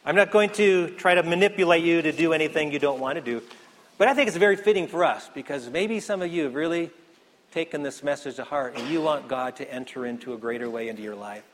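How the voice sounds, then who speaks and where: Earnest preacher guy, kinda higher voice, big echoey church sound. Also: quick pace, slight background noise. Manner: earnest, building emphasis then dropping soft. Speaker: pastor. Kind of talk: sermon. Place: church sanctuary. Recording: echoey hall.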